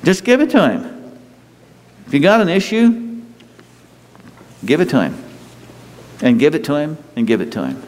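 A man's voice: a little high, wildly swooping pitch, measured pace, pauses often, a little mellow. A man preaching a conversational sermon to a congregation, folksy and joking with the people in the pews. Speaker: pastor. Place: church sanctuary with congregation. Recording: long hall reverb, faint ambient noise.

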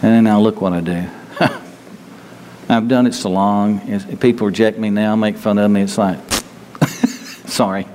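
A man preaching a sermon in a conversational, halting way, often restarting his sentences. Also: lowish voice, steady tone, a little mellow, long reverb tail, a little hiss or hum.

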